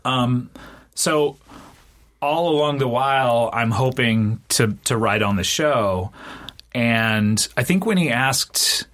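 A middle-aged man, a guest on an interview podcast, telling relaxed stories full of fillers and restarts. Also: slow. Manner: relaxed storyteller with many fillers, mimics others in high voices. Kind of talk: casual chat, telling anecdotes.

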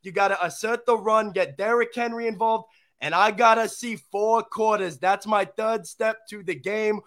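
A brash, blustery middle-aged mob boss with a heavy Italian-American accent, as a young man puts him on. He barks orders in a pushed-up, higher voice that jumps to loud shouts. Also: fairly even intonation, normal speed. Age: young adult.

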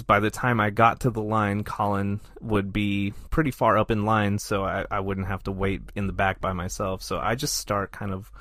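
Animated man telling a story. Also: on the low side, no room sound, clean studio sound. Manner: animated, self-deprecating anecdote telling. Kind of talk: casual storytelling.

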